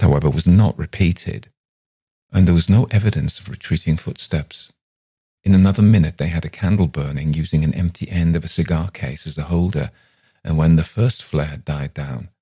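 A man reading a classic ghost story aloud as a podcast narrator, in a measured, unhurried way. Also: very deep voice, warm tone, breathy edge, dry recording.

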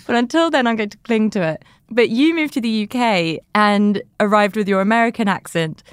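A woman's voice: mid-range voice, a little fast, smooth, no echo. British woman host, wry questioner, dry close sound. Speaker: interviewer. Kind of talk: conversational interview.

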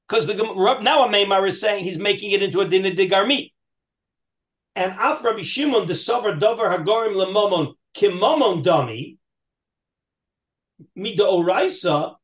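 A man's voice: sits high, expressive, normal speed, a bit bright. A man teaching a Talmud class, reading passages aloud in a lilting chant and then explaining them with frequent restarts and questions to his students. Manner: reads Aramaic text aloud in a singsong lilt, then explains, with many restarts.

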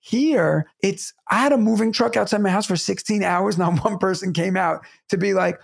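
Gravelly New man telling stories. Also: high-pitched, normal speed, hardly any pauses. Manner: animated, acts out neighbors' voices, swears casually. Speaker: podcast co-host. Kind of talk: casual storytelling chat.

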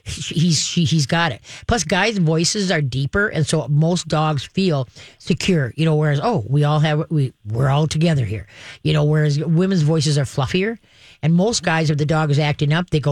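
A woman's voice: low-pitched, normal speed. A woman hosts a call-in advice show as a dog trainer, talking in a chatty, emphatic way and laughing between her points. She often checks in with her listener. The voice sounds close and dry, with no room echo. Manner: laughs often while explaining. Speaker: dog trainer and radio host.

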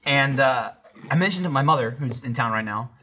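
Guy telling stories on a podcast, swears nonstop, really lively voice, kinda sharp and bright. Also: medium pitch, fairly quick, slight background noise. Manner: animated storyteller, swears a lot, does voices. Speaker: podcast regular. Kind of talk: casual chat.

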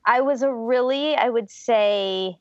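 A woman's voice: a little high, slow, darkish tone, no echo, muffled recording. A woman from the US state of Georgia, a podcast guest, talking reflectively about her childhood and laughing often. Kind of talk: casual interview conversation.

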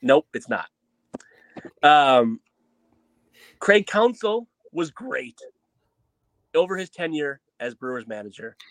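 A man's voice: a little high, sing-song, slow, long pauses, fairly bright tone, no echo. A man hosting a casual sports podcast, teasing his co-hosts and steering the questions. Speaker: podcast host.

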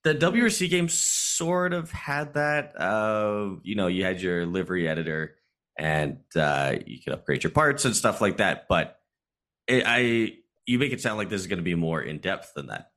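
A man's voice: sits low, expressive, moderate pace, fairly bright tone. A man, a streamer guest on a podcast, chatting casually and explaining his views at length.

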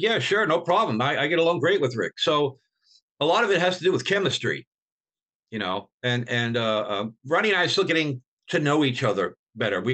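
An older man, a veteran rock bassist, tells stories in an interview in a rambling way with many restarts, acting out the people he quotes. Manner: rambling, with many restarts, and animated when quoting others. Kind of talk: storytelling in an interview.

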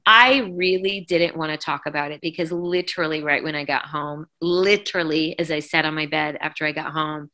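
A middle-aged woman with a low voice that still carries a bright, clear edge. She tells her story as an interview guest, animated and emotional, slipping into the voices of the people she quotes. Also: fairly quick, hardly any pauses. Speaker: guest singer.

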